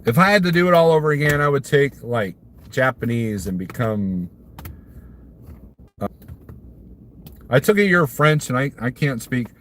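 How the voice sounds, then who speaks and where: A man from Missouri hosts a loose live stream, answering chat in a rambling, easygoing way. His voice sits in an ordinary male middle pitch, and he often chuckles at his own jokes. Faint noise hums in the background. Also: animated, normal speed, pauses often, fairly bright tone. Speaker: trucker livestreamer.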